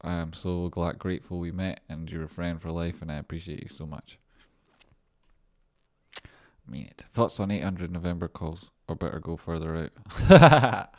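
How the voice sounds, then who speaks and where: Deep-voiced man chatting on a trading stream. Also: moderate pace. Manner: rambling, joking and swearing while reading chat. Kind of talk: casual livestream chat.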